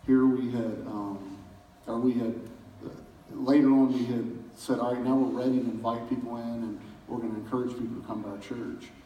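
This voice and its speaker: A pastor giving a casual church talk, telling folksy stories with chuckles in a community center hall. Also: male voice, medium pitch, steady tone, brisk, highs cut off, a little hiss or hum. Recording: roomy hall from far off.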